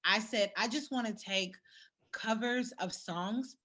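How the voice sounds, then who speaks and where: A woman singer, a guest on a video call interview, talking in an easygoing, soft-spoken way. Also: on the high side, slow pace.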